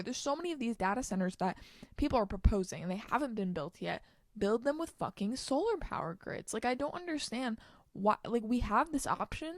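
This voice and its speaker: A young woman hosting her own solo podcast, ranting heatedly with frequent swearing and quick bursts of anger. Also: mid-range voice, dry recording, studio quality. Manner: heated, swearing, rapid outbursts. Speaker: podcast host.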